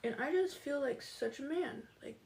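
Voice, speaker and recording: A woman's voice: sits high, expressive, moderate pace, gravelly, a little mellow. A woman chatting casually with viewers on a livestream, laughing often and greeting them by name.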